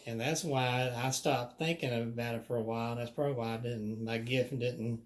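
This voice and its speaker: A man's voice: mid-range voice, steady tone, normal speed. Man, casual storyteller, chatty, laughs often, voice of medium height. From Alabama. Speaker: guest telling ghost stories.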